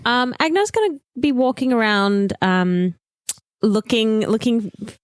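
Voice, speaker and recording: A woman's voice: fairly high pitch, a little slow, no room sound, studio quality. A woman playing in a tabletop game, speaking thoughtfully and hesitantly. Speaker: player. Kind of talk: casual tabletop game play.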